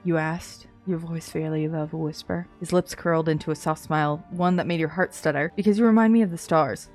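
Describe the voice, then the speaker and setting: A woman reading fanfiction aloud, hushed and soft in the story parts, with excited comments in between. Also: deep voice, fairly quick, soft background music. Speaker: content creator.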